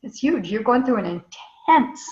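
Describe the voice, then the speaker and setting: A woman's voice: on the high side, lively intonation, normal speed. A woman on a video call giving heartfelt, affirming feedback, moved almost to tears. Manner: warm, affirming, emotional. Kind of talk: casual group video call. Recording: echoey room, dull video call audio.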